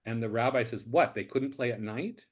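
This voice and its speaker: A man, a professor, chatting as a guest and telling old jokes, with halting starts before settling into the story. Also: medium pitch. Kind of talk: casual conversation, telling jokes.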